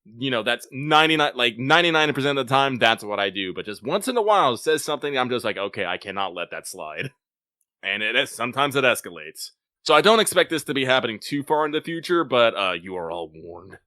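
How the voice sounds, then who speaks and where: A man co-hosting a podcast, chatting casually in an animated, joking way. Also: mid-range voice, no echo, clean studio sound. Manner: animated, joking, quick to laugh. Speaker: podcast co-host. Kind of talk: casual chat.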